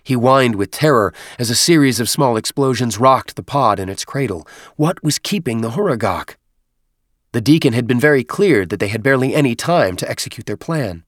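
A man reading a science fiction novel aloud in steady, measured audiobook narration. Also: mid-range voice, no room sound, studio quality. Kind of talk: scripted narration.

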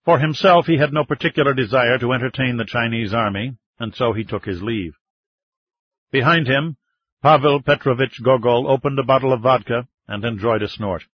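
A man reading a novel as scripted narration, in a steady, even storytelling manner, close to the mic. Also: medium pitch, normal speed, slightly rough, no echo. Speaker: audiobook narrator. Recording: dull, slightly muffled audiobook sound.

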